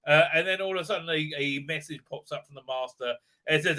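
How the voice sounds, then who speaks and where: Speaking at normal speed in a sharp, steady tone that runs a little high, a livestream host rants sarcastically. Between his many fillers he keeps tossing out "right?" to his audience.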